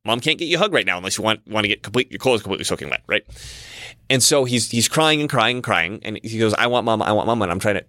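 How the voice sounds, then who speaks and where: A man's voice: fairly low pitch, sing-song, quick pace, bright, forceful tone, no echo, clean studio sound. A man giving a casual, rambling monologue as a commentator, often repeating himself and restarting his sentences.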